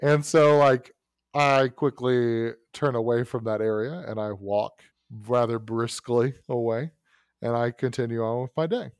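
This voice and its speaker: A man telling a personal story in casual chat, animated, with many fillers and restarts. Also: mid-range voice, unhurried, clean tone, no echo, clean studio sound.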